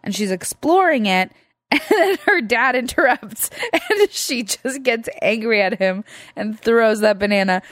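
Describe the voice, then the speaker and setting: A woman's voice: a little high, expressive, measured pace, a bit bright, dry recording. A woman co-hosting a casual film review chat, emotional and gushing, tearful and laughing often.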